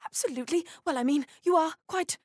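A woman's voice: extremely high pitch, quick pace, a little mellow, a little hiss or hum, voice pushed up. A woman putting on a bumbling, flustered British suitor who stammers in an over-polite way.

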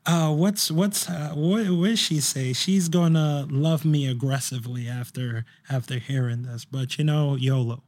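A man's voice: a little high, a little slow, hardly any pauses, a little mellow. A young man chatting casually on a podcast, telling a story in a rambling way with lots of fillers and restarts. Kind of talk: casual chat.

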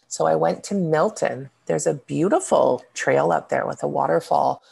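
A woman's voice: deep voice, moderate pace, gravelly, hardly any pauses, a little mellow, slightly rough. A woman co-hosting a podcast, telling personal stories in a rambling casual way with many fillers. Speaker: podcast co-host and coach. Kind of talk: casual chat.

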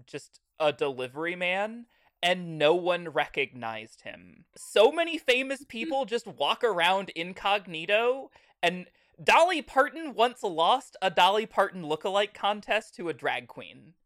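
A woman co-hosting a comedy podcast, giggly and rambling, going off on quick tangents. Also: mid-range voice, very animated, fairly bright tone, no echo. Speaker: podcast co-host. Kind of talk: casual comedic chat.

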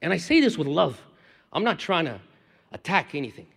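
A man's voice: fairly high pitch, big pitch swings, brisk, vocal fry, fairly bright tone, slightly rough. A middle-aged man from Brazil, a native Portuguese speaker with a Brazilian accent, preaching a passionate, emphatic sermon to a live audience. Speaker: pastor. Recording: reverberant hall.

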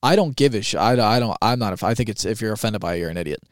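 A man's voice: fairly low pitch, lively intonation, racing, no echo, clean studio sound. A man co-hosting a podcast, talking in a casual, blunt and argumentative way, with plenty of swearing. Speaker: podcast co-host. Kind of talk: casual chat.

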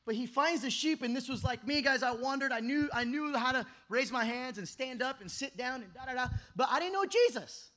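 A man in his thirties preaches an energetic youth sermon at a camp meeting, telling animated stories that swing between shouting and hushed tones. His voice is very high-pitched and fairly quick, with few pauses.

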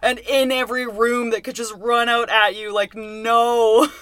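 A woman in casual chat, excitedly recapping a horror game with a friend, full of fillers and groans. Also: on the high side, normal speed.

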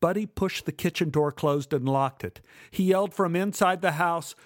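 A man telling a first-person memoir story in a measured, dramatic way. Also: fairly high pitch, no room sound, clean studio sound. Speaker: narrator.

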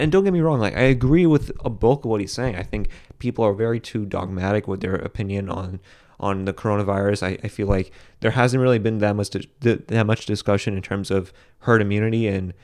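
A young man with a fairly low voice talks through his opinions on a solo podcast. He rambles, restarts his sentences, and leans on fillers as he keeps going. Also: fairly quick, darkish tone. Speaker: podcast host. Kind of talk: casual solo podcast commentary.

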